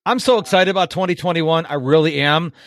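A man's voice: on the high side, a little fast, a bit bright. A man hosting a podcast, talking in an upbeat, enthusiastic way and laughing easily. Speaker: podcast host. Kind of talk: casual podcast interview.

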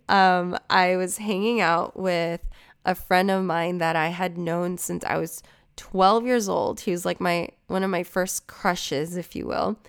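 Smooth low-voiced woman podcaster. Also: steady tone, a little slow. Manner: chatty, profane, rambling asides. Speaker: podcast host. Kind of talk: casual solo podcast chat.

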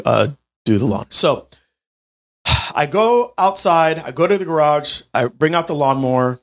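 A man in his late twenties tells a story from his own life, speaking to listeners as if they were friends. His pitch swings widely and his delivery is animated and chatty. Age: 20s. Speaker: healthcare business owner. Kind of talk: storytelling monologue to an audience.

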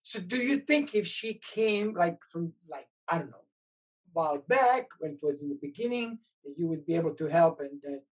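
Husky-voiced woman host. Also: fairly low pitch, lively intonation, moderate pace. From Bosnia. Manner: hesitant, with many fillers and restarts. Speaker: interviewer, host. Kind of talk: conversational interview.

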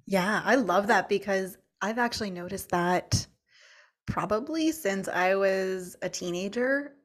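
A woman talking openly and reflectively in a relaxed podcast conversation. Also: mid-range voice, measured pace. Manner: open, reflective storytelling. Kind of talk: casual conversation.

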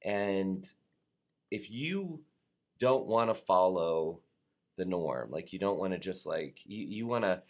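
A man with a deep, slightly slow voice hosts a live show from the Atlanta area. He reads viewer comments in an upbeat, playful way, now and then tripping over his words.

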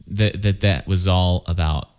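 A man's voice: low-pitched, steady tone, darkish tone, clear, resonant tone. A man co-hosting a fan podcast, reading listener emails aloud with frequent restarts. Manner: halting, with restarts. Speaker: podcast co-host.

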